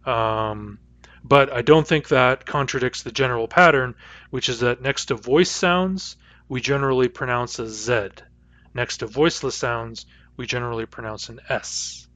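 A man's voice: medium pitch, normal speed, a bit bright. A male lecturer with a West Coast North American accent, patiently explaining sounds and saying them aloud as examples. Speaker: linguistics lecturer. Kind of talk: recorded lecture. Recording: dull dry lecture recording.

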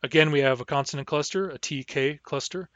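A man teaching a language lesson, explaining grammar and modeling words slowly and carefully for learners to repeat. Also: on the high side, a bit bright, no room sound. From Barclay Sound region, Canada. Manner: patient, slow model pronunciations for repeating.

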